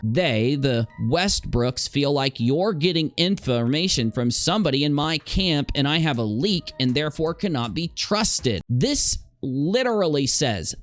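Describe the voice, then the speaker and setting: A man's voice: mid-range voice, no echo. Sarcastic man doing drama commentary. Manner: sarcastic, exasperated, laughs often. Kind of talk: casual commentary reading messages aloud.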